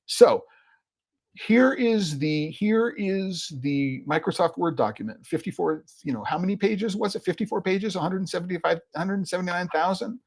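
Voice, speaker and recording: This podcast host talks solo in a high-pitched, expressive voice with a breathy edge, keeping a moderate pace. He thinks aloud in casual commentary, rambling and exasperated, packing in plenty of fillers.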